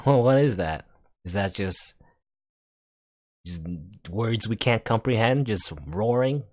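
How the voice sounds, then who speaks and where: A man hosting a let's play who reads a visual novel aloud in a steady, dramatic voice, adding amused asides. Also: on the low side, slow, long pauses, no echo, clean studio sound.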